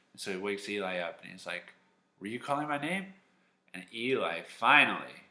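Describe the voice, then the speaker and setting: A man teaching a Sunday school lesson at home, telling a Bible story in a lively, animated way. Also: on the low side. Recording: echoey room.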